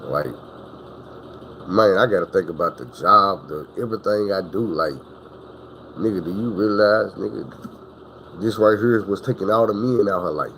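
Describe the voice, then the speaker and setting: A man tells a story in a loose, profane, meandering way. His voice sits on the low side. A faint noise hums behind him. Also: fairly bright tone, low-quality recording. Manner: profane, rambling, drawn-out. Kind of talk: casual storytelling.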